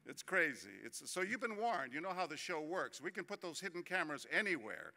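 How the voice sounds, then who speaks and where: A man's voice: a little high, big pitch swings, a little fast, creaky, hardly any pauses, sharp tone. A man from Texas giving a conference keynote speech, chatty and joking at first, then earnest. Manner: chatty, jokey storyteller turning earnest. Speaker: keynote speaker. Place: large conference hall. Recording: reverberant hall.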